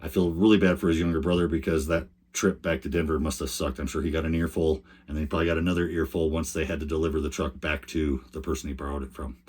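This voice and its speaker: An older man tells a rambling, chatty story straight to the camera. His voice sits low and a little husky, and he often stops and restarts his sentences. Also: flat delivery, fast, hardly any pauses, a little mellow. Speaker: RV lifestyle vlogger.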